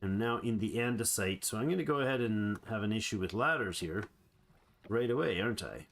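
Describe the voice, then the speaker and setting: A man's voice: on the low side, animated, a little fast, fairly bright tone. A man giving playful, rambling let's play commentary on a survival game, chatting to the animals he meets. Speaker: gamer.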